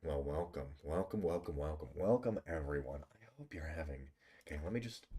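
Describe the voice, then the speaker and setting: His voice is extremely low, warm and husky, and he talks in an animated, fairly quick way. He's a male streamer casually teasing and bantering with his live viewers, swearing a bit, right up close on a desk microphone.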